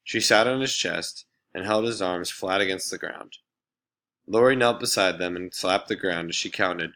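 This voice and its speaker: A man reading a children's novel aloud in a steady, plain narrating voice. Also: fairly low pitch, normal speed. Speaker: audiobook reader. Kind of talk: storybook narration.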